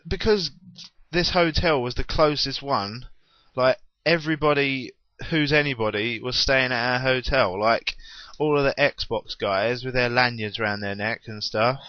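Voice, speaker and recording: A man's voice: mid-range voice, unhurried, few pauses, dry recording. A young man rambles through an unplanned gaming vlog, joking at his own expense and piling on exaggerations. His voice sits in a middling register. The recording is dry and a little dull, like a basic home mic. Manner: rambling, self-deprecating, exaggerating. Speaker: gaming vlogger.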